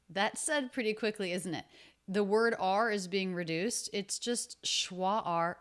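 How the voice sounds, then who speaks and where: Woman teacher at mid pitch who breaks English words down slowly and repeats them. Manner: slow and deliberate, repeats sounds to show them. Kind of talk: explaining pronunciation from a film clip.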